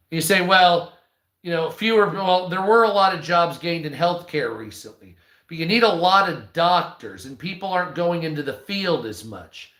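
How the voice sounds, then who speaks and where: Guy ranting about the news, cussing a lot, kinda high bright voice, roomy echo. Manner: rambling, profane, offhand asides. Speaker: news commentary host. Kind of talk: casual commentary on news articles.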